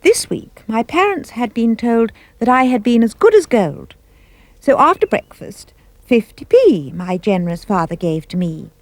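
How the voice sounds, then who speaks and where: A woman giving a playful, expressive reading of comic rhyming verse. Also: measured pace, no echo. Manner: animated, playful storytelling with big pitch leaps. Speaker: storyteller.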